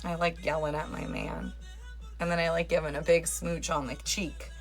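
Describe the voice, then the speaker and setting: A woman's voice: low-pitched, level tone, moderate pace, faint music behind. Woman doing a phone livestream, chatty and teasing, reads out comments and just keeps talking. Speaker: livestream host. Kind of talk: casual livestream chat.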